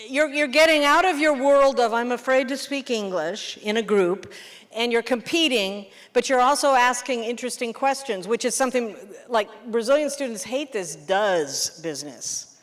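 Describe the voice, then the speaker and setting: A woman teacher talks a roomful of people through a language game, quick and animated, often checking whether they follow. Her voice sits a little high. The hall gives it a long reverb tail. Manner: lively, animated teacher, quick questions to the room. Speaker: English teacher. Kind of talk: teacher workshop demonstration.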